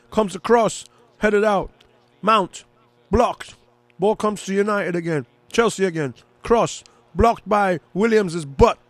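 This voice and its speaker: A man giving casual live football commentary and reaction as a fan, chatty and excitable, rooting for one side. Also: high-pitched, dry recording.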